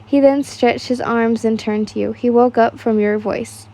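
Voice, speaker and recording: A woman's voice: fairly high pitch, fairly even intonation, normal speed, warm tone. A young woman casually reading fan fiction aloud, stumbling over words and laughing at the text.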